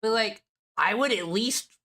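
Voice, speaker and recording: A woman's voice: on the high side, measured pace, pushed and bright. A woman streamer giving casual reaction commentary, blunt, profane and opinionated.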